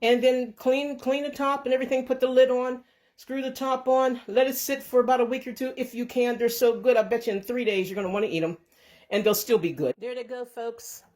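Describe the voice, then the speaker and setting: A woman talks viewers through a home kitchen recipe while holding her own phone camera. Her delivery is loose and rambling, full of restarts and little corrections. She speaks warmly and sends blessings to the people watching. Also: fairly high pitch, fairly even intonation, fairly quick. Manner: chatty and rambling, with frequent restarts and self-corrections. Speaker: home cooking and canning channel host. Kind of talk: casual how-to vlog. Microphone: handheld phone camera.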